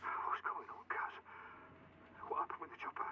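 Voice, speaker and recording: An actor playing an injured, fading rig worker who speaks weakly and breathily over a radio. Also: male voice, moderate pace. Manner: weak, breathy, reassuring. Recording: distant, noisy radio transmission.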